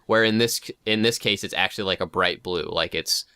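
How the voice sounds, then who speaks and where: A man's voice: low-pitched, fairly quick, sharp tone, clean tone, no room sound, clean studio sound. A man co-hosting a casual podcast, rambling through his thoughts with many fillers. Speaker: podcast co-host discussing fan art. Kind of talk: casual chat.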